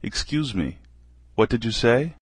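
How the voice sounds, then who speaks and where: A man slowly reading short practice phrases aloud for a language lesson, one at a time with pauses. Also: medium pitch, lively intonation, husky, dry recording.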